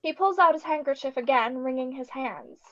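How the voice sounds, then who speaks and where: A woman narrator reading stage directions in a brisk, wry way. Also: high-pitched, pushed and bright, dull audio, a little hiss or hum.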